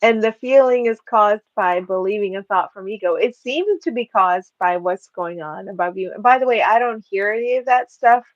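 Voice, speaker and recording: A woman speaks calmly and gently as a guest teacher, easing through her spiritual points. She is on a remote call through earbuds, so her voice comes through dull and lo-fi. It sounds dry with no room echo. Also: mid-range voice. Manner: calm, soothing, slow and gentle. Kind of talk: calm spiritual teaching in a live chat.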